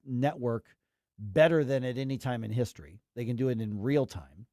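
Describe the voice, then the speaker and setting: A man's voice: medium pitch, dark tone, dry recording, studio quality. A man hosting a talk radio show, giving emphatic, rambling opinions with acted quotes.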